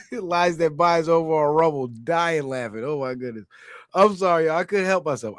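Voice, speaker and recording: A man's voice: on the high side, sing-song, unhurried, pauses often, dry recording, clean studio sound. A man hosting a ranting comedy commentary, crude and mocking, laughing at his own jokes. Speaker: channel host.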